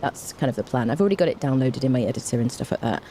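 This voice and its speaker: Young female streamer, low voice, lively and warm-toned, casual self-mocking chat, faint noise. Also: very fast. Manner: chatty, self-mocking, greets viewers warmly. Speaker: game streamer.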